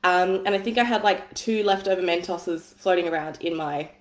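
A woman's voice: fairly low pitch, moderate pace. A woman, coaching on money mindset and telling a personal story in a candid, chatty way, swearing casually. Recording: echoey room.

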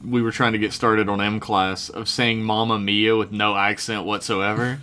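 A man's voice: lowish voice, flat delivery, moderate pace, sharp tone. A man co-hosting a casual podcast chat, teasing and blunt. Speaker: podcast co-host and player.

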